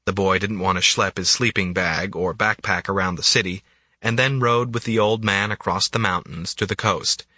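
Even-voiced male audiobook narrator. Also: low voice, dry recording.

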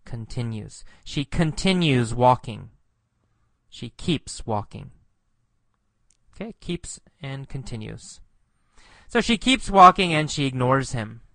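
A man teaching English slowly and patiently, repeating words and explaining what they mean. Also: medium pitch, very animated, vocal fry, sharp tone, no echo.

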